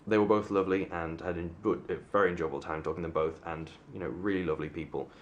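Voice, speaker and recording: Young man, very deep voice, casual vlog, rambling, self-deprecating, camera mic, faint noise. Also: steady tone, fast talker, lo-fi sound. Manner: rambling, self-mocking, many fillers and restarts. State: sunburnt. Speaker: vlogger.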